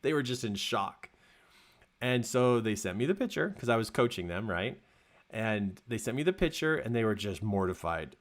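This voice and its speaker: A man's voice: on the low side, moderate pace. A man speaking as a coach in a motivational talk, telling stories with emphatic repetition. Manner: animated storytelling, emphatic repetition.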